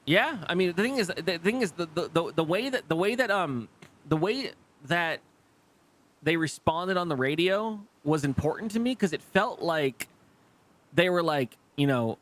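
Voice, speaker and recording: A man's voice: a little high, lively intonation, normal speed, fairly bright tone. A man streaming live, talking casually to his chat, rambling with frequent restarts, swearing freely and laughing easily. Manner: rambling, lots of restarts and fillers. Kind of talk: casual live gameplay commentary.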